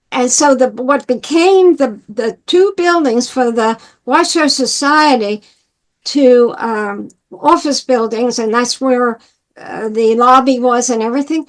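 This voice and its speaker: Older high-voiced woman from New York. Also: slow, poor audio. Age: 80s. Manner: animated, acts out quoted dialogue. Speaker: former Jehovah's Witness telling her life story. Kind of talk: personal storytelling.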